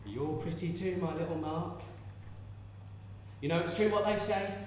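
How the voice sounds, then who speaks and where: A man's voice: high-pitched, a little slow, faint music behind. A man performing a distraught young peasant mother clinging to her baby, in a tender, cooing and fervent stage monologue. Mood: confiding. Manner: tender, cooing and fervent, bursting into shouted curses. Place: large theatre hall. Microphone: distant stage mic. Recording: echoey hall from far off.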